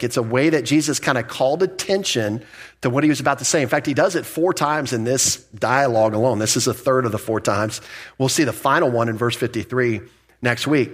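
A man's voice: mid-range voice, fairly quick, slightly rough. Middle-aged male pastor, casual verse-by-verse teacher, emphatic and conversational. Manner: conversational, emphatic, restarts and asides.

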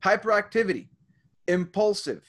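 Reading list items aloud on a podcast, a man who works as a teacher mixes in tales from his classroom. He speaks at a normal speed in a high, fairly bright voice with big pitch swings.

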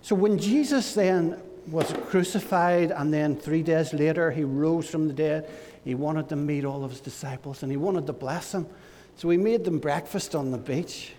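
A man leading a church service as pastor, telling a playful, animated story to children. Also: on the high side, normal speed, in a large hall.

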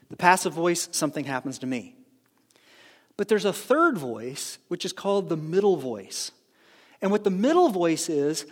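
A man delivers a sermon in a high-pitched, lively voice. He restarts phrases often and keeps checking in with the congregation. His words ring out with a long hall reverb. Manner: animated preaching with repeated restarts and asides to the congregation. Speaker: pastor.

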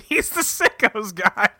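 A man casually recapping an anime plot on a podcast, acting out characters' lines in quick voices. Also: sits high, big pitch swings, sharp tone. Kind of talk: casual chat.

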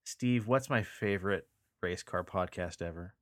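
A man's voice: sits low, measured pace, a bit bright, dry recording, studio quality. A man co-hosting a paranormal podcast in casual chat, laid-back and cussing freely, with emphatic sign-offs. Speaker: podcast co-host.

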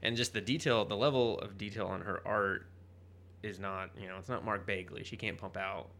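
A man's voice: deep voice, fairly even intonation, normal speed, gravelly, fairly bright tone. A man co-hosting a podcast, chatting casually about comic books in a rambling, profane, joking way. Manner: rambling, profane, jokey, bursts into mock voices. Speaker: podcast co-host. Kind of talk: casual comic book chat.

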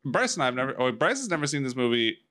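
A man's voice: medium pitch, very animated, rapid-fire, sharp tone. A man co-hosting a casual movie podcast, telling stories with wry jokes. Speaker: podcast co-host.

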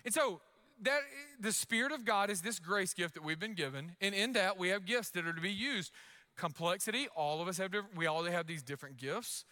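Young male pastor, high bright voice, loud energetic sermon delivery. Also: fairly quick.

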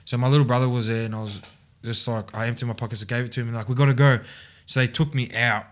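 An Australian man, a podcast guest, tells his own story in a casual interview, speaking fast in a steady, medium-pitched voice. He rambles with lots of fillers and restarts, laughing often.

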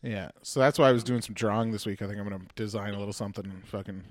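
A man's voice: fairly low pitch, steady tone, racing, dry recording, studio quality. A man from Halifax, a comedian and podcast host rambling in casual chat, swearing freely and mocking himself. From Halifax, Canada. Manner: rambling, profane, self-mocking.

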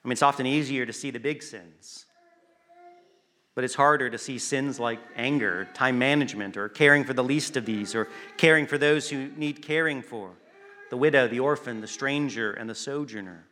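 A man delivering a sermon in a bright, forceful voice. He speaks earnestly and with emphasis, pausing for effect and now and then restarting a phrase. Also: medium pitch. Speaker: preacher.

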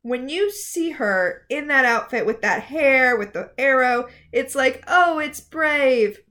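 Animated sarcastic woman podcast host. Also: high-pitched, a little slow. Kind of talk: casual recap chat.

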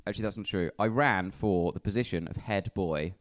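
A man's voice: low-pitched, a little fast. Wry, self-deprecating young man. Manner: self-deprecating, wry, trailing off into quiet asides. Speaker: comedian guest. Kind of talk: casual live podcast chat. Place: live venue in front of an audience.

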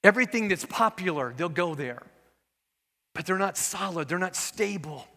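A man's voice: high-pitched, expressive, normal speed, bright, forceful tone. A middle-aged man preaching a sermon as pastor, earnest and conversational, with casual asides. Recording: echoey hall with long reverb.

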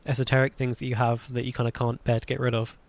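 A man's voice: medium pitch, level tone, fast, gravelly, no echo. Man, interviewer, casual questions, dry close sound. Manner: casual, hedging with "kind of".

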